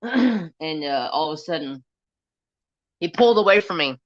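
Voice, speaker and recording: A man hosting a craft stream, telling a rambling story in a casual, animated way and swearing freely. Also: a little high, moderate pace, no room sound. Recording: slightly dull, lo-fi sound.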